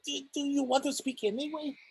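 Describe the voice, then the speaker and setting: Un hombre interpreta a un presidente de consejo pedante y discutidor con un acento ruso exagerado a propósito. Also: male voice, extremely high pitch, steady tone, brisk, voice pushed up, low-quality recording. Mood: argumentative. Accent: deliberately bad Russian accent. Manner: pedantic, argumentative. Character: stubborn pedantic male council chairman. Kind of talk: comic re-enactment.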